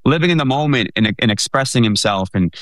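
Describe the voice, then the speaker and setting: A man co-hosting a sports talk show, talking in an animated way with many fillers. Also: mid-range voice, fast, no echo.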